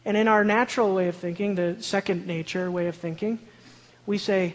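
A man preaching a sermon in an earnest way with a high-pitched voice, building to loud, emphatic declarations. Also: steady tone, normal speed. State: shaky. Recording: long hall reverb.

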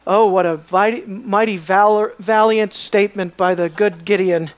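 A Bible teacher giving an expository lecture, often pausing to put questions to the students. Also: medium pitch, fairly even intonation. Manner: questioning, emphatic, pauses to ask the class.

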